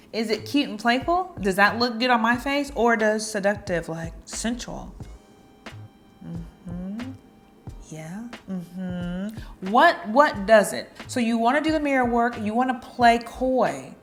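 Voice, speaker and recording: A woman's voice: a little high, animated, normal speed, soft background music. A woman vlogger giving dating advice in a chatty, playful way, now and then acting out little flirty lines. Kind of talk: casual advice talk to camera.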